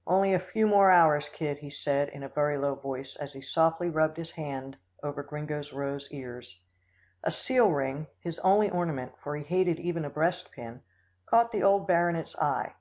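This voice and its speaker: An audiobook reader narrating a classic story in a steady, measured way. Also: medium pitch, rough recording. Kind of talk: scripted narration.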